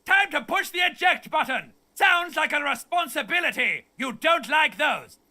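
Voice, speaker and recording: Shrill frantic inner voice. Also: male voice, animated, moderate pace, bright, forceful tone, heavily acted. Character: manic male inner voice urging flight.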